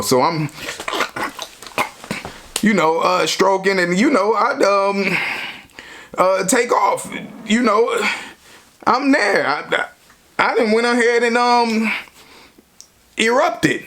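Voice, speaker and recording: A man's voice: high voice, a bit bright. A man telling a personal story in a casual, rambling way, full of slang and constant "you know" fillers.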